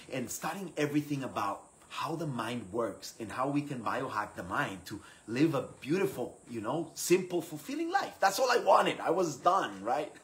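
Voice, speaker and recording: Animated man telling his story. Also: medium pitch, rough recording. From Costa Rica. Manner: animated, acts out quoted voices, laughs often. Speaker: speaker sharing his personal story. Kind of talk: personal storytelling talk.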